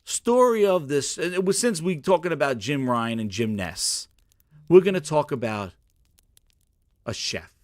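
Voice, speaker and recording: Animated man ranting on a show. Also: fairly high pitch, unhurried, dry recording, clean studio sound. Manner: loud, ranting, profane, acts out bits. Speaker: host. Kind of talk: animated solo gaming commentary.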